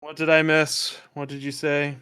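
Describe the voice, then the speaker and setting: A man's voice: on the high side, monotone, moderate pace, bright, forceful tone, clean tone. A man co-hosting a casual sports betting podcast, pushing back at his co-host in an exasperated way. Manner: exasperated, pushes back hard.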